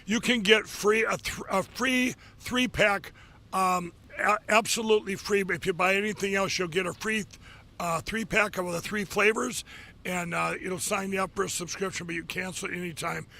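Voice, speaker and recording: A middle-aged man hosting a live show from his office, rambling casually with many fillers and restarts, getting excited as he talks. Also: high-pitched, moderate pace, gravelly. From Minnesota. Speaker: show host. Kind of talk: casual live monologue with ad pitches.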